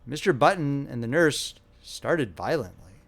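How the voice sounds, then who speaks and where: A man's voice: mid-range voice, lively intonation, a little slow, a bit bright. A man narrating a classic short story as an audiobook, telling it expressively.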